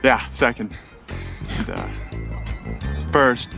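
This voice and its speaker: Lispy, gravelly dim catcher. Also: male voice, mid-range voice, wildly swooping pitch, very slow, over music, full character voice. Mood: sheepish. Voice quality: lisping. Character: lispy dim minor-league catcher, male. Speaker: film character.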